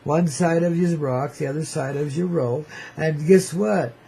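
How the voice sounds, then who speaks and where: Husky, mellow radio host. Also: male voice, on the high side, steady tone, moderate pace, poor audio. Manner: rambling, slangy, cosmic and playful, calls listeners baby. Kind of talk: freewheeling hippie radio monologue.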